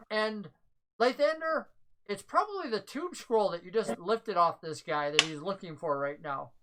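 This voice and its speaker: A woman's voice: mid-range voice, lively intonation, moderate pace, pushed and bright. A woman narrating a tabletop game as game master, chatty and loose with fillers. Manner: chatty, filler-heavy description.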